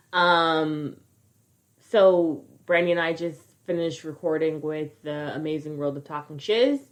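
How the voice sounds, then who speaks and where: A woman's voice: low-pitched, slow pace. A woman in her thirties co-hosting a podcast, chatting casually, swearing freely and laughing often. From California. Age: 30s. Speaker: podcast co-host. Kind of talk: casual chat.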